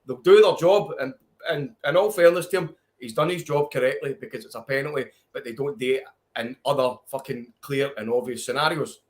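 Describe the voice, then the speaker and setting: A man's voice: medium pitch, brisk. A man with a Scottish accent, ranting heatedly about football in casual podcast chat, swearing freely. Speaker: podcast co-host.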